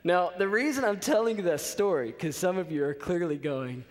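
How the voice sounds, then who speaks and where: Guy giving a chapel talk, storytelling, keeps asking "okay?", slightly high voice. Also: moderate pace. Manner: animated storyteller, checks in with "okay?". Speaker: college chapel speaker. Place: college chapel. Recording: reverberant chapel hall.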